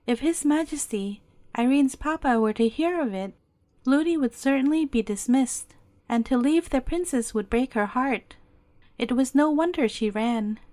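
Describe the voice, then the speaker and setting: A woman with a high voice reads a fairy tale aloud at bedtime, gentle and steady. The sound is dry and close, with no room around it. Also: normal speed, dry recording. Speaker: storyteller. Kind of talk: bedtime story narration.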